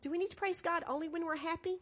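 A woman with a high voice leads a children's message in a church sanctuary. She asks the kids a steady run of questions and laughs easily as she coaxes answers from them. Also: quick pace. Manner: animated, laughing, coaxing questions. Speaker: children's sermon leader. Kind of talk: children's message with call and response.

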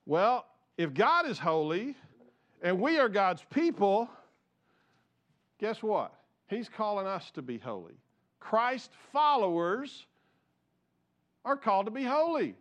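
A man's voice: high voice, sing-song, takes it slowly, long pauses, a bit bright. A male pastor preaching a conversational, jokey sermon and asking his congregation questions.

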